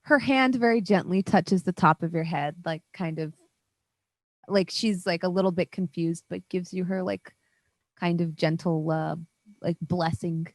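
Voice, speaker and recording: A woman narrating as dungeon master in a tabletop game, relaxed and gentle, with lots of fillers. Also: on the low side, unhurried, no room sound.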